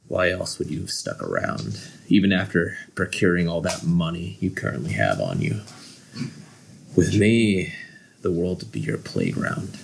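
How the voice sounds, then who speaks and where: A man's voice: sits low, slight background noise, full character voice, low-quality recording. A man voicing a menacing would-be god sorcerer. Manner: smooth, persuasive, menacing. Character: power-hungry male sorcerer claiming godhood.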